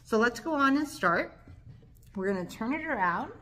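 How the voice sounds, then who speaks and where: A woman's voice: on the high side, lively intonation, moderate pace, bright, forceful tone. A woman hosting a casual local talk show from a studio, chatty and bubbly, laughing often, with a slight lisp from dental aligners.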